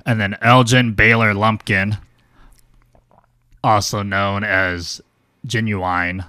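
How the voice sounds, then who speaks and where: A man's voice: lowish voice, fairly even intonation, slow pace, pushed and bright, clear, resonant tone, no echo. A man co-hosting a sports talk show, reading out birthdays in a plain, hesitant way. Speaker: co-host. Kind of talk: casual sports chat.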